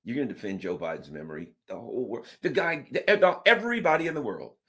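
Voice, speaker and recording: Animated man ranting with mocking put-on voices. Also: fast. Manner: mocking, does sarcastic put-on voices, jumps far up in pitch. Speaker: political commentator. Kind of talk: animated political rant.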